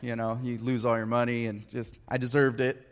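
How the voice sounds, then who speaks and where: An American man preaches a sermon conversationally, sharing personal stories with joking asides. His voice is mid-range, smooth and fairly flat at a normal speed, and he stumbles and repeats words as he restarts.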